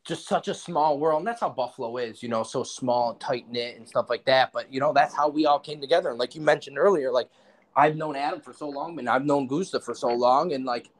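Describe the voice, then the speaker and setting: Rambling man. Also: medium pitch. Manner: rambling, many fillers and restarts. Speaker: podcast guest. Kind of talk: casual chat. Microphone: remote call.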